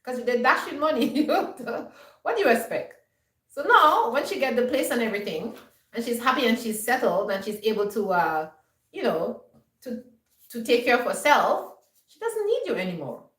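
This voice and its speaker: A woman vlogger lectures her viewers in an emphatic, scolding way, often asking "you understand?". Her voice sits a little high and sounds roomy and somewhat distant from the mic. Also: sing-song, moderate pace, fairly bright tone. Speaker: homestead vlogger. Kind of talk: lecturing monologue.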